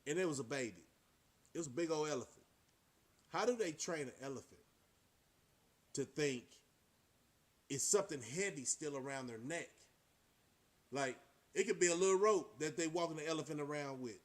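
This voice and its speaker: Man, high voice, vlogger, preachy, motivational, rhetorical questions. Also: lively intonation, moderate pace, pauses often. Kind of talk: casual monologue to camera.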